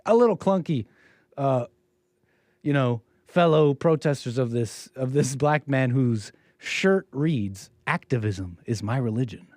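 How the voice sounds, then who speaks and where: A man's voice: medium pitch, lively intonation, takes it slowly, a little mellow, no room sound, clean studio sound. A man hosting a live stream, commenting on a video in a rambling, sarcastic way with frequent restarts.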